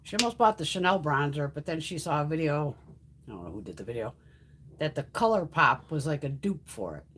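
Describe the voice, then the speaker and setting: This woman runs a casual makeup livestream from home, swearing freely, chatting away, and baby-talking to her cats. She speaks a little fast in a low, husky, fairly bright voice that's very animated.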